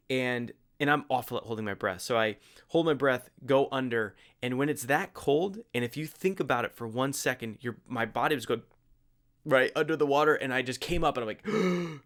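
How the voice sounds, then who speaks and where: A young adult man telling a personal story in casual, animated speech, full of fillers and restarts. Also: medium pitch, fairly quick. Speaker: host.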